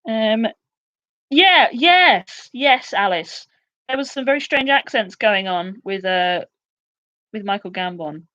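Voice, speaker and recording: A woman in her twenties hosting a casual live quiz, chatty and excitable, with quick asides. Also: medium pitch, muffled recording. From United Kingdom. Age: 20s. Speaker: quiz host.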